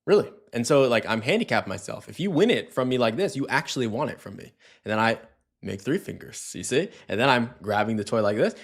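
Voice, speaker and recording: A man giving a casual, conversational dog training lesson, often checking in with "right?" and acting out little scenes. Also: mid-range voice. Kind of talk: casual instructional talk.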